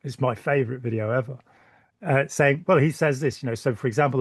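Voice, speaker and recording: A man's voice: medium pitch, a little fast, breathy edge, no room sound. A British man hosting a casual chat, his voice tiring, joking and rambling as he stumbles over repeated words. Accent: British English. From Britain. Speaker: channel host. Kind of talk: casual conversation.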